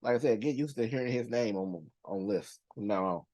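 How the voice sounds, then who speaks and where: A young man at a middle pitch riffs through his countdown in loose slang. He circles back on his points and leans on fillers as he talks to his viewers. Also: a little fast. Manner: animated, slangy, rambling with many fillers. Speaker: movie reaction channel host. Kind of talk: casual list commentary.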